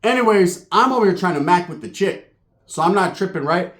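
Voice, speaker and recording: A man telling a comic story, animated and profane, acting out the voices of the people in it. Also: high voice, fairly quick. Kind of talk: comedic storytelling.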